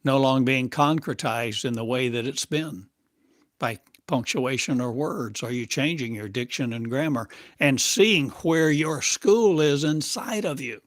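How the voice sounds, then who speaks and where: A man as a spiritual teacher, delivering a channeled monologue in slow, halting, cryptic phrases. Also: mid-range voice, dry recording, clean studio sound. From United States.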